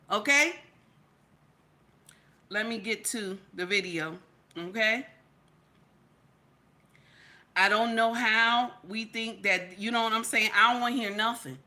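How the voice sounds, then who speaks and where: A woman doing emotional live-stream commentary, emphatic and repetitive, swinging between loud scolding and quiet, near-tearful talk. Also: a little high, slow, long pauses. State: near tears.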